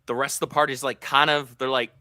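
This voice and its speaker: A man co-hosting a pop culture podcast, talking at a measured pace about games he loves. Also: mid-range voice, level tone, bright, forceful tone, no room sound. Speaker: podcast co-host. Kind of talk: casual chat.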